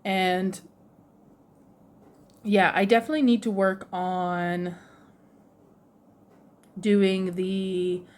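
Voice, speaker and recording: A woman vlogger telling a casual story in an animated way, laughing often and acting out other people's lines. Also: mid-range voice, very slow, long pauses. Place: lives in Japan, runs a shop with her husband.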